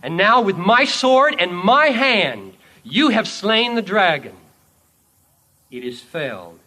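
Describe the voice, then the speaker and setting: A calm, commanding sovereign king speaks in measured, deliberate phrases, as a preacher puts him on. The voice sits fairly high and bright. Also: full character voice. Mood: assuring. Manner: solemn, commanding.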